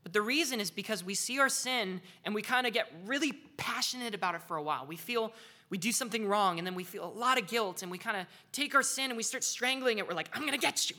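A woman giving a devotional Bible teaching in an animated, conversational and earnest way. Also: fairly high pitch.

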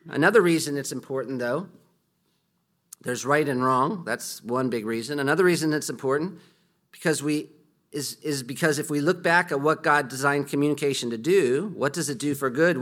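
A middle-aged pastor with a medium-pitched, slightly bright voice gives sermon-style teaching. He works through his points conversationally, restarting often and acting out quoted speech.

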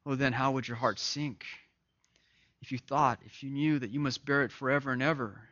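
A man preaching an impassioned sermon that swings between loud emphasis and hushed, grave lines, often repeating words. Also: mid-range voice, fairly even intonation, normal speed. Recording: dull lo-fi recording.

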